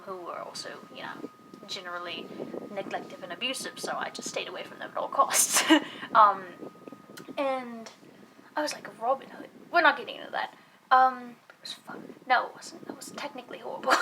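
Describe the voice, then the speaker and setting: A young woman from the American South rambles to her camera in a casual vlog. Her voice sits fairly high and sounds sharp and bright. Faint noise runs behind her. She swears freely and fills her talk with ums and laughs. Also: rough recording. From Southern United States. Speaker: vlogger.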